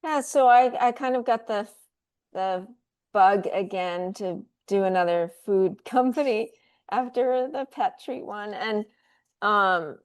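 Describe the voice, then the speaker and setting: A woman speaking as a guest in a casual radio interview, relaxed and chatty with frequent laughs. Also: mid-range voice, clear, resonant tone. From United States. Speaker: guest, food company founder.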